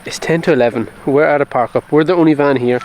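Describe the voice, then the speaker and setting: A man's voice: mid-range voice, fast, a little mellow, a little hiss or hum, rough recording. A man in his thirties chatting outdoors by a camper van, presenting with a teasing, upbeat manner. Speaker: vlogger. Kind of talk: casual chat.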